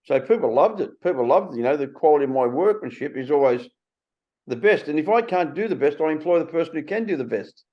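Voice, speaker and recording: An Australian man in his sixties hosting a casual conversation, blunt and animated, swearing freely. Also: on the high side, fast talker. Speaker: podcast host. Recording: slightly muffled recording.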